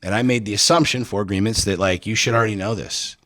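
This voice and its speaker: Low-pitched man, middle-aged, casual podcast storytelling, profane, dry close sound. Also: fast talker, fairly bright tone, no room sound. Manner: swears freely, heats up when retelling arguments. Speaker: podcast guest.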